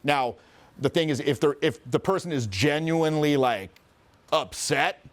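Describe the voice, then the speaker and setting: A middle-aged man, a social skills coach, telling stories in a casual interview with an animated, profane delivery. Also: fairly high pitch, unhurried. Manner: profane, animated, acts out quoted voices.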